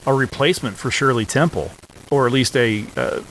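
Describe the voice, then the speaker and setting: A man with a mid-range voice chats through a classic film with his co-host. He talks in a relaxed way, leaning on filler words and chuckling now and then. A faint noise runs under the recording. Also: medium pitch, fairly quick, low-quality recording. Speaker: podcast co-host. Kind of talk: casual film discussion.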